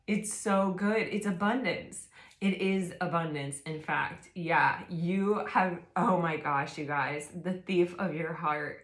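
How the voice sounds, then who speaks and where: A woman giving a casual tarot reading to her viewers, gushing and excitable, full of fillers and exclamations. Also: on the low side, echoey room. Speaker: tarot reader.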